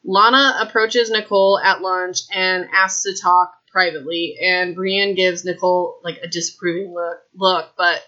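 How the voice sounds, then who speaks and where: A woman hosting a podcast, chatting excitedly through a casual book recap with lots of "like" and asides to her listeners. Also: medium pitch, dull audio. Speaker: podcast host.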